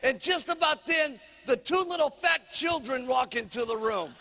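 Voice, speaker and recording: A man's voice: very high-pitched, moderate pace, gravelly, in a large hall, a little hiss or hum. A man as sales trainer, telling a humorous motivational story and acting out each character. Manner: animated, acts out characters.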